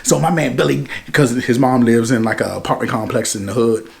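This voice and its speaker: A man giving a casual, animated movie review, retelling the plot with slang. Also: medium pitch, a little fast, vocal fry. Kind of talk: casual spoken film review.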